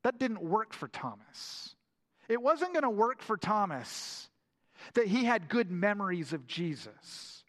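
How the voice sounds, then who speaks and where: A man preaching a sermon, retelling the story in an animated way and often repeating words as he goes. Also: high voice, unhurried. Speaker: pastor. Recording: long hall reverb.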